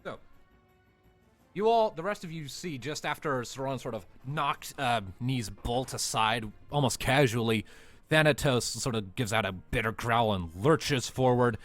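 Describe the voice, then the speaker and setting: Man, game master, tabletop narration, loose hedging phrasing, middling pitch, faint music behind. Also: a little slow.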